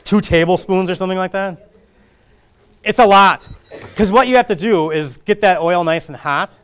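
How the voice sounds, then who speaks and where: A man's voice: sits high, moderate pace, clean tone. A man demonstrating a recipe in a casual, jokey cooking class, talking through each step as he cooks. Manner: chatty, jokey, self-deprecating, talks while cooking. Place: community kitchen classroom.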